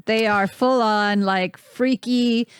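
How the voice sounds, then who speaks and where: A woman's voice: on the high side, fairly even intonation, slow pace, smooth, dry recording, clean studio sound. A woman co-hosting a podcast, chiming in with wry, profane agreement. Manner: drawling, wry agreement with swearing. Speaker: podcast co-host. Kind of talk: casual podcast chat.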